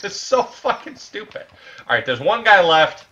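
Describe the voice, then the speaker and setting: Animated crude man at the mic. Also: high-pitched, normal speed, lo-fi sound. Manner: loud, crude, prone to shouting bits. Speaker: let's play host. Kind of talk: casual gameplay banter.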